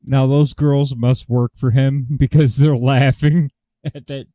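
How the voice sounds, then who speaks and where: A man's voice: medium pitch, level tone, slow, mellow, no room sound. A man casually commenting on a video he is playing, in a wry, amused, offhand way. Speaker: host reacting to a video. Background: faint jazz music.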